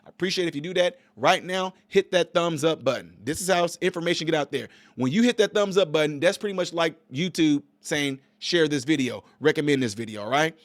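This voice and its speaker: A man's voice: fairly high pitch, fairly quick, hardly any pauses, no room sound. Emphatic man talking to viewers. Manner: emphatic, talks straight to viewers; sermon-like sign-off with blessings. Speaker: channel host. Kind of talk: political commentary vlog.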